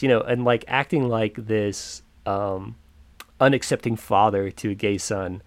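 A young man tells a personal story in a low, gravelly voice. He speaks reflectively and haltingly, with many fillers. The sound is dry and close. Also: dry recording. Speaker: podcaster.

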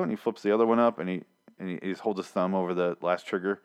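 A man's voice: lowish voice, steady tone, fast talker, a little mellow. A man recapping a TV episode in a casual, profane, exasperated rant, mocking the characters in put-on voices. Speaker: TV episode reviewer.

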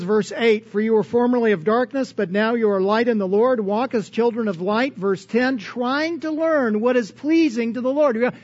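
A man's voice: extremely high pitch, muffled recording. A man preaching a sermon in an earnest, conversational way, posing strings of rhetorical questions. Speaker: pastor.

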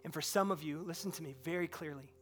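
A man preaching a sermon in a church, swinging from impassioned outbursts to hushed, quiet moments. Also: on the high side, quick pace, faint music behind. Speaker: pastor. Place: church sanctuary.

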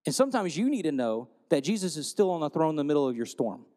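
A man preaching a sermon, telling stories and retelling scripture in a lively storytelling way. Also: on the high side, quick pace, big-room sound. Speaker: pastor.

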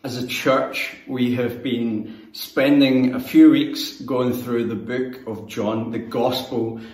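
A Scottish church youth leader in his thirties delivers a sermon slowly in a spacious, echoey hall, recorded by a distant mic. His voice is of ordinary pitch, and his manner is relaxed, conversational and self-deprecating.

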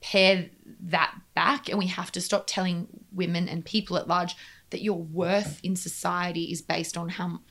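A woman with a lowish, slightly bright voice and little pitch movement speaks earnestly in a conversational interview. When making a point, she becomes emphatic and picks up speed.

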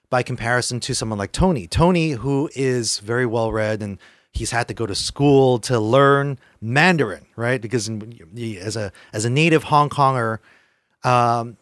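A man's voice: mid-range voice, dry recording, studio quality. A man co-hosting a casual film-review chat, talking in a discursive way with restarts. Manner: discursive, restarts, brief agreeing replies. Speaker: podcast co-host.

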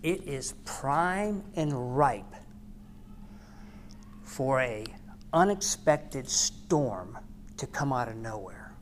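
A woman's voice: very deep voice, animated, extremely slow, long pauses, a little hiss or hum. A woman podcast host giving an earnest devotional talk, preaching with repeated phrases.

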